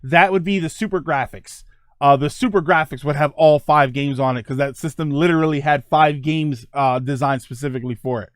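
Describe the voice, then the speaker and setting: Streamer host, a man in his forties, a bit high-voiced, chatty and excitable, recorded close and dry. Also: brisk, dry recording. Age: 40s. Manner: rambling, enthusiastic, laughs often. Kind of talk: casual livestream chat.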